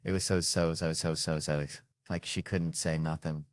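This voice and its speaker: A man with a very low voice performs stand-up comedy. He tells his stories in an animated, foul-mouthed way. The sound is dry and close. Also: moderate pace, no room sound. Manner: animated, profane storytelling.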